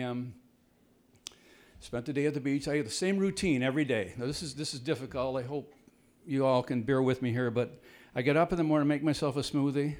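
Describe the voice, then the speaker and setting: A man telling a rambling, self-deprecating personal story to a live audience, his voice jumping high when the story turns tense. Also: a little mellow. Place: jungle home on a tropical mountain.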